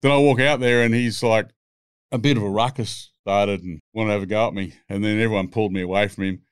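A man's voice: fairly low pitch, steady tone, fast talker, clean tone, dry recording, clean studio sound. A man, telling rambling, swear-filled stories as a podcast guest. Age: 60s. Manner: profane, rambling anecdotes. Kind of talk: casual storytelling.

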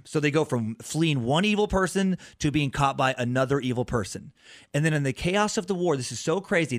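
Fairly high-voiced man telling a story. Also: a bit bright, dry recording, studio quality. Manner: rambling, with many restarts and repeated words. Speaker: comedian and podcaster guest. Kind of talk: animated true-crime storytelling.

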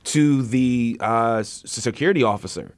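A man's voice: medium pitch, normal speed, no room sound, studio quality. A man hosting a news podcast, reading stories and then chatting about them with many fillers and restarts. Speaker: podcast host.

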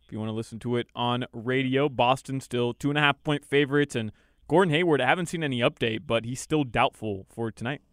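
Smooth-voiced male radio update reader. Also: mid-range voice, fairly quick, fairly bright tone, dry recording, clean studio sound. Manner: teasing, matter-of-fact reader. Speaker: sports radio co-host reading updates. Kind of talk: reading scores and weather between banter.

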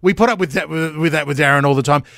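A man's voice: fairly high pitch, rapid-fire, gravelly, fairly bright tone, no echo, studio quality. Chatty male radio host. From Australia. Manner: chatty, laughing, rambling with fillers. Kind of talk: casual radio banter.

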